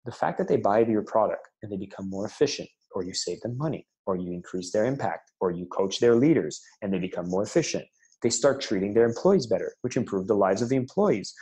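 A man's voice: on the low side, darkish tone. A man being interviewed on a podcast, telling sales stories with enthusiasm and animation. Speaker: sales and marketing leader, guest.

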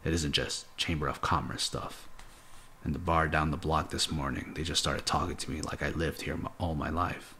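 A talkative, friendly traveler with a Southern US accent, as a man reads him aloud. He chats on eagerly in an extremely deep voice with a gravelly edge, and a faint hiss sits under it. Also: steady tone, moderate pace, pushed and bright, heavily acted. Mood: enthusiastic. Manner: chatty, enthusiastic storytelling.

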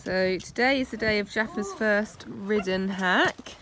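Riding a horse along a country track, a woman chats casually for her vlog and praises her pony. Her mid-range voice moves a little slowly, and the phone recording is outdoors and noisy.

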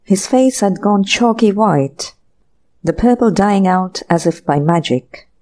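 Female narrator for a classic mystery audiobook; unhurried, warm, dark-toned read. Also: medium pitch, animated. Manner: unhurried, acting out each character's lines. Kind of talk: scripted narration.

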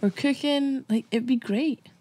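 A woman's voice: high voice, measured pace, warm tone, slightly rough. An actress playing a young woman who teases her boyfriend in a playful, giggly way. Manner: teasing, giggly. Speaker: girlfriend.

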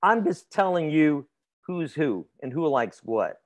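A man's voice: fairly high pitch, sing-song, a little slow. Chatty man teaching grammar in class. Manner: conversational, asks the class questions and laughs easily. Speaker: instructor.

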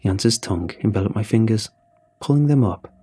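Low, husky man reading a horror story. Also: animated, fairly quick. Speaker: narrator. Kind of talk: scripted horror story narration. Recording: soft music underneath.

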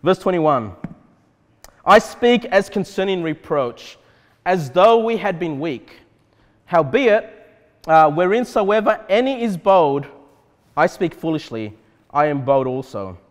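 Male pastor, expressive preaching, wide-ranging pitch, reverberant church sound. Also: takes it slowly, pauses often. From Australia. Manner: animated, repeatedly checks in with "okay?". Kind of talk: expository sermon.

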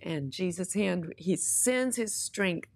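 A woman's voice: lowish voice, animated, slow, a little mellow. A woman minister preaching in a conversational way, telling testimony stories and weaving in scripture with earnest conviction.

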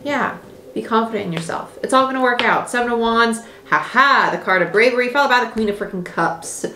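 A woman's voice: on the high side, a little fast, bright, forceful tone. A young woman giving a casual tarot reading, chatty, blunt and encouraging with playful exclamations. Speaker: tarot reader. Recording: echoey room with faint noise.

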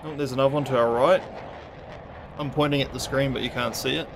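A man's voice: mid-range voice, steady tone, fast talker, noisy background. A man hosting a gaming channel, giving sarcastic, exasperated gameplay commentary and swearing at the game. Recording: game music loud behind voice. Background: game music.

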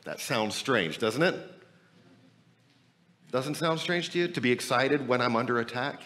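A man preaching as a pastor, energetic and emphatic, asking rhetorical questions while he is losing his voice. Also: medium pitch, a little slow. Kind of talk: sermon and church announcements. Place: church building, temporary meeting room.

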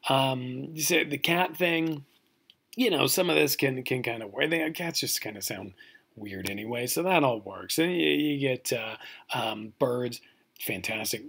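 A man's voice: mid-range voice, vocal fry, fairly bright tone, breathy edge. A man from California with a Californian accent, giving a recorded college lecture in a joking, mock-outraged way and often asking "right?".

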